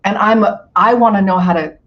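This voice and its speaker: An older woman from Hawaii, a guest actor telling stories in a casual interview, animated and acting out what people said, laughing often. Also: medium pitch, brisk, dull audio.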